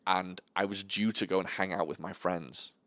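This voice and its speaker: A man's voice: sits low, normal speed, no echo. A man hosting a podcast, telling stories in casual chat with lots of swearing and acted-out voices. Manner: animated, sweary storytelling, acts out voices. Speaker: podcast host.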